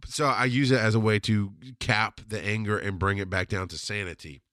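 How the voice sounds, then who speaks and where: Bright forceful guy ranting through a story, swears a lot, dry close sound. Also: lowish voice, steady tone, moderate pace, few pauses, no echo. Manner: blunt and profane, heated and emphatic. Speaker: podcast host. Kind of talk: casual storytelling monologue.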